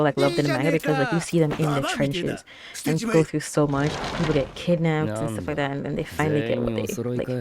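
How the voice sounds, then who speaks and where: A young woman hosting an anime reaction, talking casually with lots of fillers, gasps and excited exclamations. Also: low-pitched. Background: anime episode soundtrack playing.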